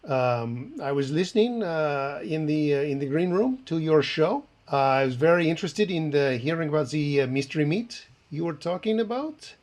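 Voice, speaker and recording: A man voicing a fake chef with a put-on French accent, talking in halting bursts with many hesitations. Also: fairly high pitch, animated, a little mellow, lightly acted. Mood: sly. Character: fake French chef, middle-aged man, sly and smug. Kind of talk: improv comedy character.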